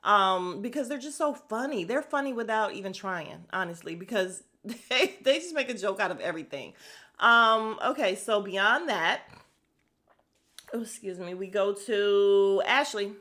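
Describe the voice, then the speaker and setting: A woman hosting a podcast, recapping a reality show in a casual, animated and profane way, often laughing, speaking into a podcast microphone. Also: mid-range voice, measured pace. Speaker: podcast host.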